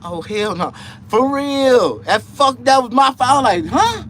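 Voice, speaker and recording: A man hosting a casual livestream chat, rambling and profane, dropping to low mutters and jumping to high excited outbursts. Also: a little slow, slight background noise. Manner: profane, rambling street talk. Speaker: livestream host.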